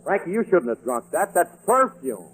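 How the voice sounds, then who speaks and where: A man's voice: fairly high pitch, big pitch swings, moderate pace, fairly bright tone, husky, rough recording. A man hosting a 1940s radio comedy, flustered, sheepish and blustery as he talks his way out of trouble. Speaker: comedy show host. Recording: old radio broadcast with music.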